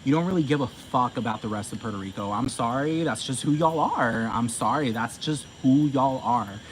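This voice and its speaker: A commentator with a medium-pitched voice rants at a moderate pace, profane and emphatic, repeating himself as he goes. Vehicle sounds make the recording noisy behind this monologue.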